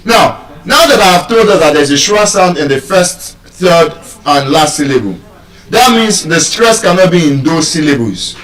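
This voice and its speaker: A Nigerian man teaches from a live stage, his voice rising and falling in wide swings as he quizzes the crowd. He sits a little high for a man and spells words out letter by letter. The sound comes from a distant mic in a roomy hall. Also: big pitch swings, moderate pace, a bit bright. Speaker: public speaker teaching pronunciation. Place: live stage before an audience.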